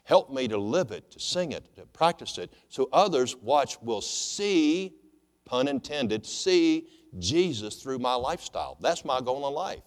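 A male pastor preaching a sermon in an animated way, swinging between loud exclamations and hushed asides. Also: mid-range voice, measured pace. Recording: long hall reverb.

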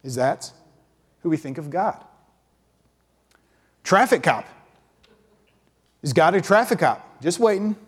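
A man preaching a conversational sermon, acting out quick impressions of how people picture God. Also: animated, breathy edge. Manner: conversational, acts out quick impressions with pitch jumps.

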